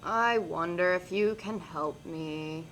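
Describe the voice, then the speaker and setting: A woman putting on a pitiful little male frog who speaks in a sad, pathetic voice. The voice is low and quiet, with a bright edge to it. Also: takes it slowly, slight background noise, low-quality recording.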